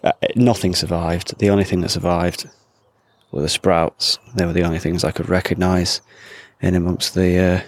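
Walking around an allotment, a male podcast host delivers a casual monologue full of rambling, self-deprecating asides. His voice is deep and flat, at a normal pace, with no room sound.

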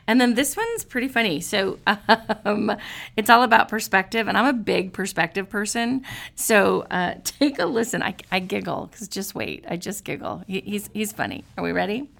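A woman's voice: mid-range voice, moderate pace, vocal fry, fairly bright tone. A woman hosting a podcast, chatting in an upbeat, encouraging way and giggling now and then. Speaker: podcast host. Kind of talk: casual motivational podcast chat.

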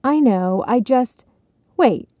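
A woman's voice: on the high side, expressive, takes it slowly, no echo, phone-quality sound, pitched above the performer's own voice. A woman voicing Heidi, a young female mouse who is eager and competitive, in a storybook reading.

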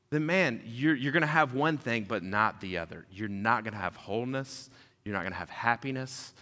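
Casual pastor in an echoing hall. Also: male voice, on the low side. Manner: casual, animated storyteller. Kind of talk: sermon. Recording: long hall reverb.

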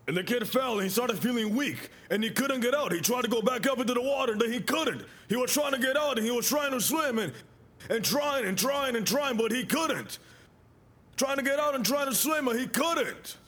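A bishop preaching a sermon in an animated style, telling stories and swelling to shouts. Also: male voice, very high-pitched, moderate pace. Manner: storytelling with acted quotes.

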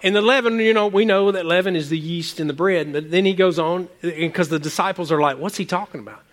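Preaching with a high-sitting voice at a fairly quick clip, a male pastor rambles animatedly through his sermon. He often repeats words, shifting between shouted exclamations and hushed asides.

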